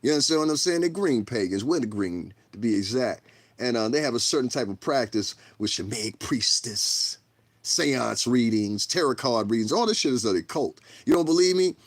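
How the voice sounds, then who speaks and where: A man's voice: mid-range voice, animated, moderate pace, dry recording. A man giving a blunt, profane livestream rant, heated and rambling, repeating himself as he goes. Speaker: livestreamer and commentator.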